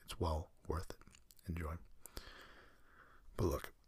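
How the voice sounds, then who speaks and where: A man hosting a sleep podcast, talking in a soft, slow, meandering half-whisper with dry self-mocking humor. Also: rumbling low, flat delivery, husky, no echo. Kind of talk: rambling whispered bedtime monologue.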